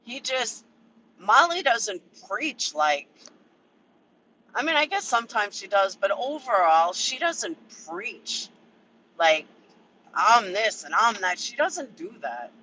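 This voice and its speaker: A man's voice: high-pitched, big pitch swings, slow, bright, forceful tone, slight background noise, low-quality recording. A man ranting casually and profanely on a livestream from a vehicle, answering chat members by name. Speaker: livestream commentator.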